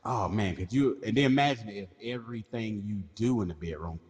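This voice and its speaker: Low-voiced guy on a podcast riffing crude what-ifs, lots of slang, long echo around him. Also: fairly quick, breathy edge. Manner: riffs on absurd hypotheticals, slangy and loud. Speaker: podcast co-host. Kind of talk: crude comedic banter.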